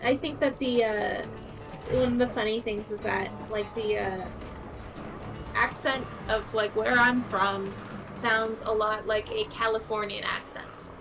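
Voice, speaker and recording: A woman's voice: mid-range voice, steady tone, a little slow, creaky, poor audio. A young Canadian woman with a Canadian accent, chatting casually and rambling with lots of fillers while a game is played. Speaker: guest co-commentator. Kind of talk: casual chat over gameplay. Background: game music.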